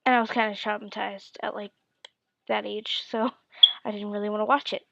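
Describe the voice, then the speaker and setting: A tired woman telling a story in a vlog. She talks fast, drops into whispered asides and stammers through quotes. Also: mid-range voice, little pitch movement, vocal fry, bright, forceful tone, no echo. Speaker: vlogger. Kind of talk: casual storytelling. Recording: dull, dry lo-fi recording.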